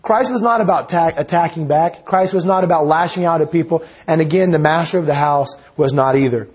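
Husky high-voiced male preacher. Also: darkish tone. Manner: earnest, measured, teaching. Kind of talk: sermon with scripture reading.

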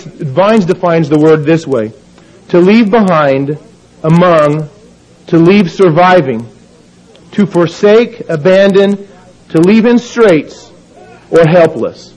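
A man preaching a sermon, reading scripture aloud with measured, emphatic delivery. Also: fairly high pitch, lively intonation, darkish tone, rough recording.

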